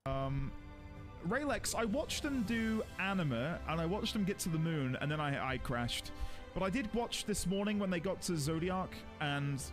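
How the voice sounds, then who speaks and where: A playful man chats and giggles in a high, bouncing voice. Music plays clearly beneath him. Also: expressive, moderate pace. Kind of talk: casual chat.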